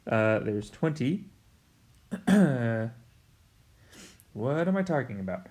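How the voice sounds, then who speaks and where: A man's voice: medium pitch, very animated, slow, a little mellow. A male math teacher explaining a lesson in a casual, chatty way. He talks straight to his students and jokes about his own slips as he works. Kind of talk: recorded math lesson at a whiteboard.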